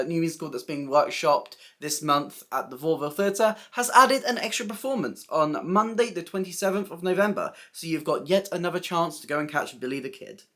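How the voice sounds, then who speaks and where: A woman's voice: lowish voice, fairly bright tone. A young woman, hosting a weekly theatre news recap in a chatty, playful way with giggly asides. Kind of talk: casual scripted news recap.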